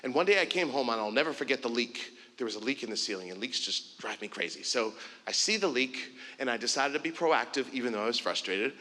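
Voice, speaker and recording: A man speaks from a conference stage, telling an animated story and slipping into the voices of the people in it. His tone is bright and forceful, and a long reverb from the big hall trails after each phrase. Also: mid-range voice, fast talker. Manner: animated storytelling, acts out dialogue. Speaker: keynote speaker. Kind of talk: storytelling keynote speech.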